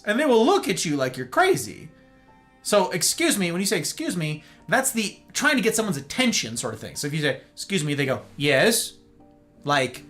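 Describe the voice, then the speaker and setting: An American man hosting a livestream monologue, talking in an animated way and often checking in with "right?" and "okay?". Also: on the high side. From United States. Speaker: host.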